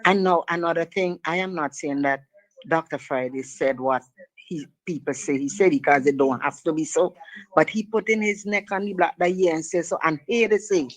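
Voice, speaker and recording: A man's voice: fairly high pitch, moderate pace, a bit bright, rough recording. A man calling a radio show, teasing the host in a folksy way and laughing at his own jokes. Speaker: radio caller. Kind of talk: casual call-in chat.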